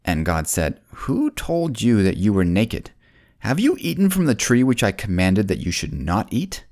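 A man narrating a Bible story for children, folksy and speaking straight to the kids, slowing down and dropping his voice on solemn points. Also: wildly swooping pitch, a little mellow. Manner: slows down and drops low on solemn points.

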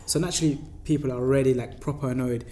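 A man's voice: medium pitch, fairly even intonation, rapid-fire, warm tone. A young man, a junior doctor telling a work story in casual, slangy conversation, often checking in with his listener.

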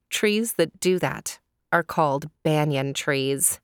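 A woman telling a children's story, gentle and deliberate, pausing to ask her young listeners questions. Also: low voice, clean tone, no room sound, clean studio sound.

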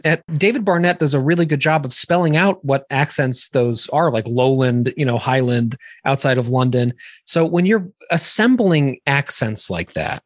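A man's voice: medium pitch, dry recording, studio quality. A man hosting a casual podcast interview, talking in long rambling turns with many restarts. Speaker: podcast host.

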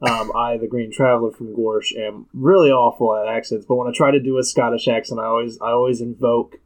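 A man's voice: medium pitch, flat delivery, brisk, poor audio. A man co-hosting a casual podcast, playful, laughing often and making fun of himself. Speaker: podcast co-host. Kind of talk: casual chat. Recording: home recording with mic faults.

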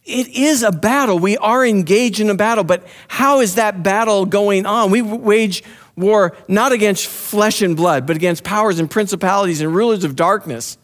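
Man, high voice, fervent preacher, pleading sermon, soft low voice in prayer. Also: normal speed. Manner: drops to a soft, low voice when praying aloud. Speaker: pastor.

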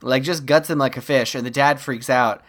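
Role: podcast co-host. Style: casual film-recap chat. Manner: animated storytelling, wry asides, easy laughter. Pitch: medium. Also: moderate pace.

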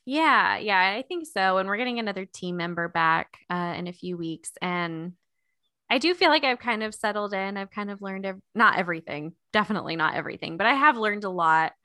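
A woman co-hosting a podcast, upbeat and quick to laugh, chatting and reading aloud from a book. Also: medium pitch, animated, bright, forceful tone, no room sound, clean studio sound. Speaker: podcast co-host. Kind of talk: casual chat and reading aloud.

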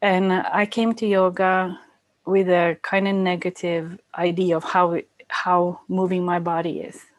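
A woman with a Norwegian accent, speaking in a fairly low voice. She answers interview questions hesitantly, with plenty of ums and uhs, and the recording is dry and close. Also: flat delivery, unhurried, no room sound. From Norway. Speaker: yoga teacher. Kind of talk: casual interview.

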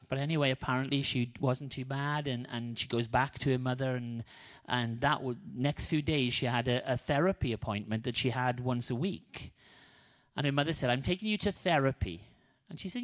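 A man's voice: medium pitch, a little fast. A man preaching a sermon, telling a healing story and acting out the people in it. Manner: animated, acts out the quoted people. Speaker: guest preacher.

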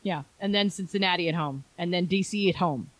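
A woman co-hosting a casual podcast, talking soccer in a chatty, emphatic way and agreeing quickly. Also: fairly low pitch, no echo, rough recording. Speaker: podcast co-host. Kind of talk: casual chat about soccer.

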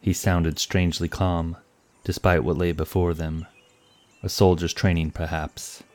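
A man narrating a fantasy story in a measured, scripted way. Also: sits low, flat delivery, darkish tone.

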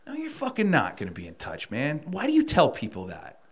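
A man guest telling a story in casual chat, animated and profane, and he gets heated. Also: on the high side, a little fast, husky. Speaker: podcast guest, wrestler.

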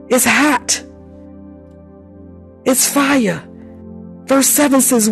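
A spirited preacher leads the congregation in call-and-response, laughing between lines. At times the voice drops into speaking in tongues. Soft music plays underneath at a middling pitch. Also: low-quality recording. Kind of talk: sermon.

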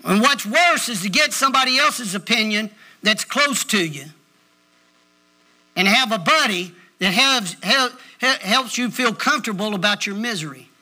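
High, bright-voiced emphatic pastor. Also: male voice, animated, normal speed. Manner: emphatic preaching, direct address to the congregation. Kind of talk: sermon. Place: church.

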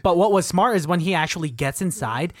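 A man co-hosting a casual movie review podcast, excitable and given to swearing and quick banter. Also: high-pitched, no room sound, studio quality. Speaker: podcast co-host.

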